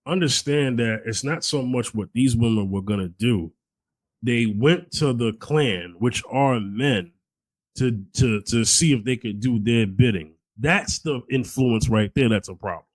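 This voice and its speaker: A man's voice: medium pitch, unhurried, no room sound, rough recording. A man co-hosting a casual talk show, speaking conversationally with many fillers and restarts. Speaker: podcast co-host. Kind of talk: casual chat.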